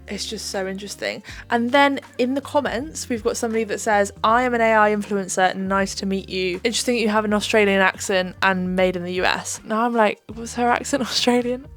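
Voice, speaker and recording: A woman's voice: mid-range voice, a little fast, hardly any pauses, fairly bright tone, faint music behind. A woman hosting a casual commentary on online clips, musing and a bit hesitant, with a self-deprecating streak. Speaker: host, commentator.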